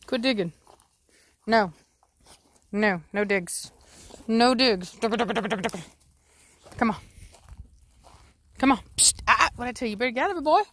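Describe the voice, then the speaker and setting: Woman, dog breeder, bright tense voice, brisk firm commands to her dogs between casual asides. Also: on the high side, dry recording. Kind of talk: casual vlog narration.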